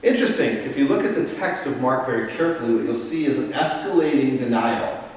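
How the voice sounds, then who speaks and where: A man's voice: mid-range voice, fast talker, far from the mic. A man, a parish priest, teaching a Bible study in a casual, step-by-step way, often checking in with the group. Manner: explains step by step, checks in with "Okay?". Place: parish meeting room. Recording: echoey room, voice picked up from afar.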